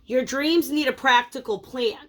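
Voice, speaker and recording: Female tarot reader, fairly high voice, teasing and chatty, faint noise behind. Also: moderate pace. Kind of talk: casual tarot reading.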